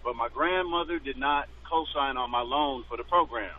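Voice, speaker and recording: A man's voice: medium pitch, moderate pace. A man calling into a talk show, speaking earnestly about his life lessons over a phone line. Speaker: caller. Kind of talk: reflective phone-in chat.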